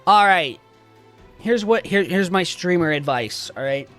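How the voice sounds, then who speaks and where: Livestreamer who talks casually with viewers, swears freely and rants for comic effect, with a mid pitch. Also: measured pace, soft background music. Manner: animated, profane, joking mock rants. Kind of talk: casual live-stream chat.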